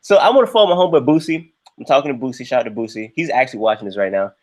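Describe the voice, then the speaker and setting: A young man hosting a livestream, telling a story in a casual, animated way and jumping into high voices when he quotes people. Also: rapid-fire. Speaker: livestream host.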